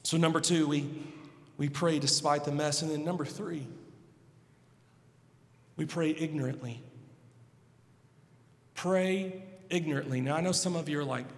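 A man's voice: a little high, steady tone, measured pace, pauses often. Preaching pastor, man, echoing hall. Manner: swings from hushed pleading to loud emphatic preaching. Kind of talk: sermon. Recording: long hall reverb.

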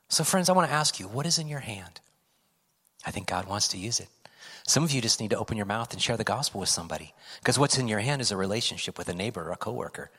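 Middle-aged pastor preaching in a reverberant hall. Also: male voice, fairly low pitch, sing-song, fast, breathy edge. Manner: swings between loud emphatic lines and hushed whispers. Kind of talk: sermon. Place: church sanctuary.

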